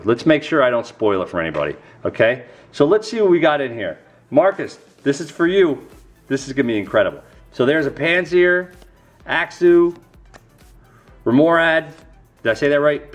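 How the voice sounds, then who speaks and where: A middle-aged man hosts a casual unboxing vlog. His pitch leaps up and down as he exclaims over each new card. Faint music plays behind him. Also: big pitch swings, a little fast. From New York. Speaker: YouTube host.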